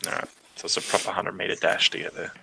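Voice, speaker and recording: A man's voice: fast talker, pushed and bright, a little hiss or hum. A man playing a tabletop game, chatting casually and swearing now and then. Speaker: player.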